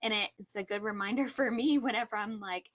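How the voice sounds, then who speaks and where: A woman's voice: mid-range voice, fairly even intonation, fast talker, fairly bright tone. A woman in her thirties co-hosting a casual faith-based chat, earnest and reflective, often laughing. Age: 30s. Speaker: podcast co-host.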